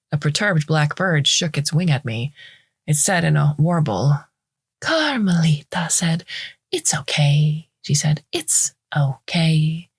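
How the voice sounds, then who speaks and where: A woman reading a short story aloud in the first person, in a measured, wry storytelling manner. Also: low-pitched, vocal fry, husky, dry recording, studio quality. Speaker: story reader. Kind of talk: scripted narration.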